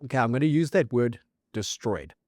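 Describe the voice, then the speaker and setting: A man's voice: medium pitch, moderate pace, darkish tone, no echo, clean studio sound. Man reeling off rugby scores. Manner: fact-heavy storyteller, reels off scores and dates. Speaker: rugby podcast host. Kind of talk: casual rugby chat.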